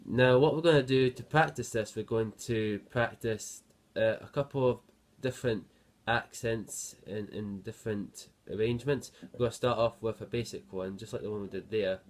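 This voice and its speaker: Low-voiced man teaching guitar. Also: moderate pace, hardly any pauses. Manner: patient, counts beats aloud while playing. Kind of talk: spoken guitar lesson. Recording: loud guitar playing over the voice.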